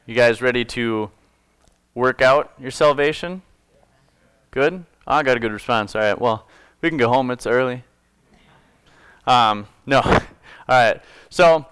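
A man's voice: medium pitch, a little slow, fairly bright tone, clean tone, no room sound. A man preaching a casual sermon to his congregation, reading scripture and explaining it in a conversational, joking way. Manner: conversational, self-correcting, jokes with congregation. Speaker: pastor.

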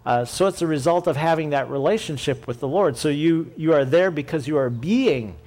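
A man delivers a sermon-style Bible teaching, his voice sitting a little high for a man. He explains patiently and thinks aloud, circling back to rephrase his points. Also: fairly quick, darkish tone.

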